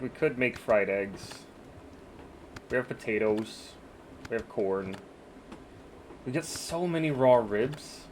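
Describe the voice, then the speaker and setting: A man's voice: mid-range voice, slight background noise. A man streaming a game in casual chat, laid-back, swearing offhandedly and laughing easily.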